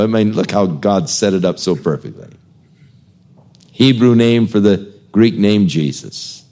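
Slow-talking preacher man. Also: low-pitched, darkish tone. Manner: conversational storytelling preacher. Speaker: pastor. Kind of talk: expository sermon.

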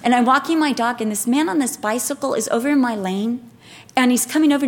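A woman preaching a sermon, telling personal stories in a lively way, acting out what people said and laughing at herself. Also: a little high, fast talker. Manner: lively storytelling, acts out quotes, laughs at herself.

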